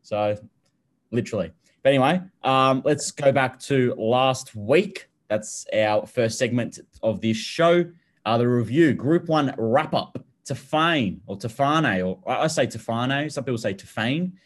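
A man's voice: mid-range voice, a little slow. A young Australian man co-hosting a betting podcast, chatting loosely, laughing often and swearing casually. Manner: laid-back, laughs often, swears, repeats words. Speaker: podcast co-host. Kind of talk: casual chat.

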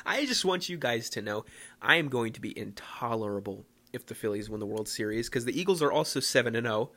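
A young man from the Philadelphia area hosting a casual solo podcast, rambling and self-mocking with excitable bursts. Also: medium pitch, brisk. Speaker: podcast host.

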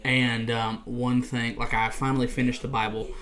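A young man co-hosting a casual podcast chat, earnest in tone and quick to laugh. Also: mid-range voice, level tone, fairly bright tone. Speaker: podcast co-host.

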